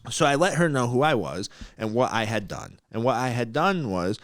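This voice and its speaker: Brash male podcast host with a middle-pitched voice, lively delivery and a dry, close sound. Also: normal speed, no echo. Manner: blunt, animated, fired-up. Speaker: mortgage broker, podcast host. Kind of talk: casual podcast storytelling.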